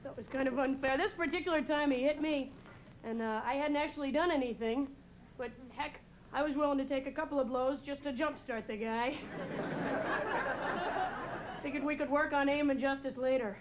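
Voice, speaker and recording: High-pitched woman comic, from New England, rambling and hesitant; noisy live-audience studio. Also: crowd noise. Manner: rambling, halting delivery with many "uh"s. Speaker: stand-up comedian. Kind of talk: stand-up comedy set. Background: audience laughter.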